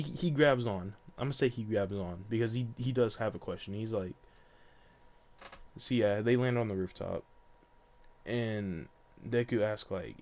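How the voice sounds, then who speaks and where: A man's voice: lowish voice, darkish tone, slight background noise. A young man casually telling an unscripted fan story, rambling with lots of fillers and frequent laughs. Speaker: YouTuber.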